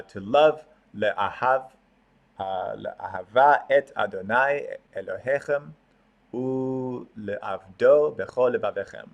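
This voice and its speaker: Low-voiced man teaching a prayer class. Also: a bit bright. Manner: explanatory, with frequent fillers and restarts. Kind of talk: online class lecture.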